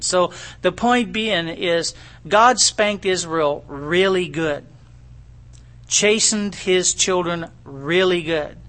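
A middle-aged pastor gives his sermon like a chat with the congregation, checking in with them often in a folksy, homespun way. His voice is high and bright.

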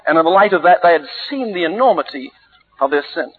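A man preaching a sermon, telling stories theatrically with sudden leaps in pitch and volume. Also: animated, quick pace. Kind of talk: sermon with dramatic storytelling. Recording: tinny, phone-like lo-fi recording.

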